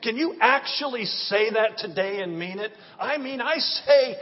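Male pastor, sermon, exuberant call-and-response, high swooping voice, long church reverb. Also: lively intonation, highs cut off. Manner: exuberant, call-and-response preaching with drawn-out phrases. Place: church sanctuary.

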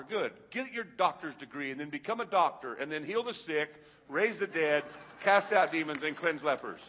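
A man preaching a sermon to a congregation, in a rhythmic, repetitive style that builds to loud peaks. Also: a little high, expressive, normal speed, few pauses, big-room sound, dull audio. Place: large hall with a congregation.

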